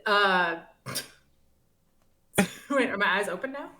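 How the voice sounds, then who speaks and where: A woman's voice: mid-range voice, animated, very slow, sharp tone. A woman playing in a tabletop game, rambling, self-deprecating and stumbling over her words. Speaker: player. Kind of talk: casual tabletop game play.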